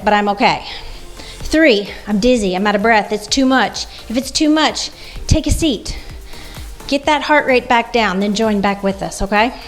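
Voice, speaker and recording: A woman leading a guided workout class as fitness instructor, coaching moves and counting reps aloud. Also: a little high.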